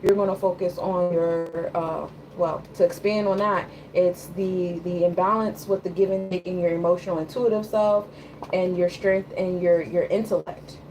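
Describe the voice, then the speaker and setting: A woman's voice: lowish voice, fairly even intonation, moderate pace, a little mellow, slight background noise, low-quality recording. Woman giving a casual tarot reading. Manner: loose, conversational, repeats "you know what I'm saying". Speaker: tarot and astrology reader.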